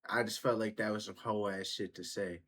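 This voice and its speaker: Husky-voiced man riffing in blunt slang. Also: on the low side, steady tone, brisk, fairly bright tone. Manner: blunt, profane, laid-back slang. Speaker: reaction video host. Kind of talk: casual reaction commentary.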